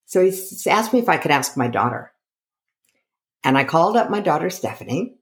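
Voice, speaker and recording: A woman's voice: a bass voice, sing-song, moderate pace. A middle-aged woman from the United States, a coach being interviewed, who tells her story with energy and acts out the dialogue she quotes. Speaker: guest, coach.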